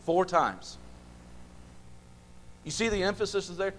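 A man's voice: high-pitched, big pitch swings, unhurried. A man leading a Bible study, asking the group questions and repeating phrases for emphasis. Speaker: Bible class teacher.

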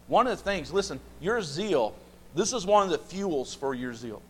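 A man's voice: a little high, very animated, moderate pace, fairly bright tone, breathy edge. Emphatic man teaching a Bible class. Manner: questioning, emphatic, repeats phrases.

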